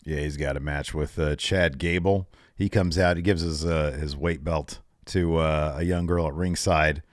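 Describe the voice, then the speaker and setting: On a studio-quality recording with no echo, a podcast co-host recaps a wrestling show in casual chat at normal speed. His retelling is animated, and he acts out the lines he quotes by raising his pitch.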